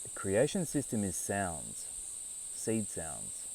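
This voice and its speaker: A man's voice: low voice, huge pitch swings, takes it slowly, darkish tone, recorded from a distance, a little hiss or hum, poor audio. A man giving a rambling, conversational live talk, with frequent restarts and asides. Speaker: speaker on esoteric topics.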